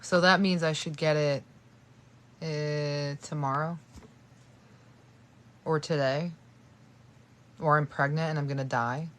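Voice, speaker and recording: A woman's voice: low-pitched, steady tone, slow, pauses often, a bit bright. A sleepy young woman rambling and swearing casually while livestreaming from bed on her phone at night. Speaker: live streamer. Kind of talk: late-night livestream chat. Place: in bed in a bedroom.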